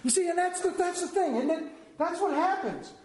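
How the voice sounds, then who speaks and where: Man pastor, sermon, animated storyteller, higher voice, roomy church hall. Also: moderate pace, crowd noise.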